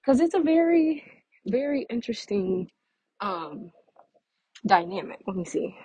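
Breathy young woman venting while walking. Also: on the high side, very animated, measured pace, dark tone, dry recording, rough recording. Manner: chatty, exasperated, laughing asides. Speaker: vlogger. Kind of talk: casual vent to camera. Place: outdoors, walking.

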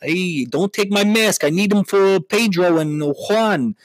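A man's voice: high voice, takes it slowly, dry recording, pitched above the performer's own voice, poor audio. A middle-aged contractor husband whines and pleads in a raised, nasal-edged voice, as a man puts him on. His grammar slips as he begs, and the sound is dry. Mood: pleading. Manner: whiny, pleading, mangled grammar.

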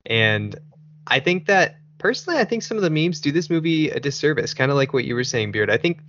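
A man's voice: on the high side, big pitch swings, a little fast, fairly bright tone, muffled recording, slight background noise. A man hosting a casual podcast chat, rambling and laughing often. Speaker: podcast host.

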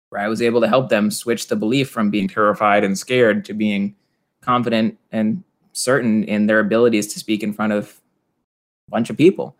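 A man who works as a stage hypnotist, telling stories in an interview in an animated way, often laughing and acting out voices. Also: lowish voice. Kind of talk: conversational interview storytelling.

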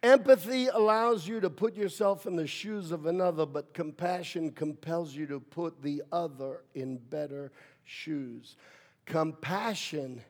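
A man preaching a sermon as pastor, with playful asides, building from quiet talk to shouted preaching. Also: a little high, steady tone, unhurried, hardly any pauses.

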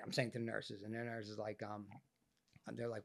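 A man, an actor guest on a podcast, telling a story in a profane, animated way, his voice changed by illness. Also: lowish voice, moderate pace, creaky. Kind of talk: casual podcast interview storytelling.

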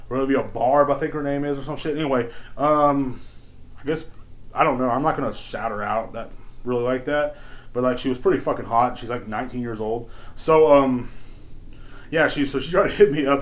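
A man hosting his own podcast, ranting in a crude, profane, rambling way that swings between loud excited outbursts and low mutters. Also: normal speed. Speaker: podcast host. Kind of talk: casual solo podcast rant.

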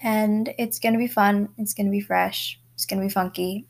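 A woman's voice: medium pitch, fairly even intonation, moderate pace, gravelly. A teenage girl hosting her own podcast from home, chatting casually and rambling with lots of fillers and little laughs. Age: teens. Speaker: podcast host. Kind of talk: casual solo podcast chat. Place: bedroom at home.

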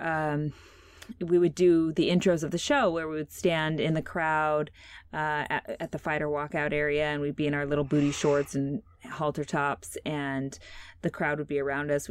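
Low-voiced woman telling a story. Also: fairly even intonation, normal speed, clean tone, no echo. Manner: chatty storytelling with fillers and restarts. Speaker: podcast host. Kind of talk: casual podcast interview.

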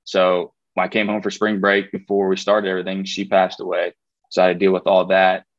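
A former college football player, a guest in a casual interview, tells a story in a laid-back way. His voice is low and monotone, fairly quick, muffled, with no room sound. He rambles, using lots of fillers and restarts.

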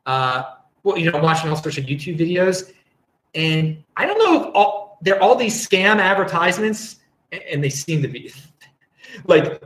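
Rambling, animated man in an echoey room. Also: high voice. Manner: rambling, chuckling, self-interrupting. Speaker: livestream host. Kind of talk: casual livestream chat, reading viewer comments.

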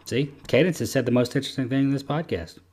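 A man's voice: medium pitch, quick pace, darkish tone, husky. A man hosting a casual podcast chat, rambling and easygoing with lots of fillers. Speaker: podcast host.

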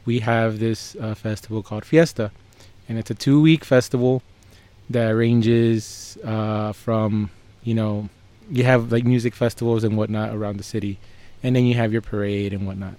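A man's voice: lowish voice, fairly even intonation, moderate pace, mellow. A man co-hosting a podcast from San Antonio, chatting casually and teasing his partner. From San Antonio, Texas. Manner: easygoing, teasing. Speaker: podcast co-host.

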